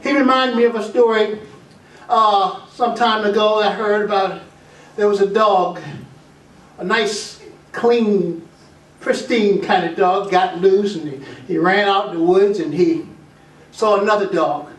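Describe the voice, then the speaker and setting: A man's voice: sits high, a little slow. A middle-aged man giving a homespun tribute speech about his father at a family gathering, repeating phrases and restarting sentences. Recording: roomy echo, voice from far off.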